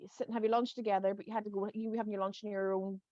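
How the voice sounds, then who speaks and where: A woman's voice: mid-range voice, little pitch movement, racing, mellow, dry recording, muffled recording. A Northern Irish woman in her thirties, a podcast guest rambling casually with lots of "you know" and "like". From Northern Ireland. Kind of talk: casual chat.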